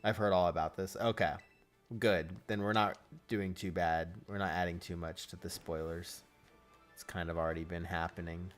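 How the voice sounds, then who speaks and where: A man's voice: low-pitched, flat delivery, moderate pace, faint music behind. A man hosting a casual live stream, chatting with viewers and reacting as he goes.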